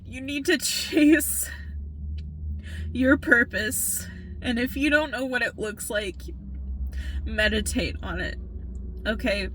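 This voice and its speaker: A tired woman delivers an earnest spiritual pep talk in an unhurried, deliberate way. Her voice is bright and sits a little high. She keeps checking in with "okay?" and lets a swear word slip for emphasis. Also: a little hiss or hum. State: tired from working all night. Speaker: spiritual reader.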